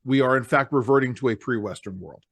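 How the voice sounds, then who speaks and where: A man's voice: medium pitch, fast talker, no room sound. A man hosting a political talk podcast. He sums up his co-host's points and steers the conversation. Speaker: podcast host.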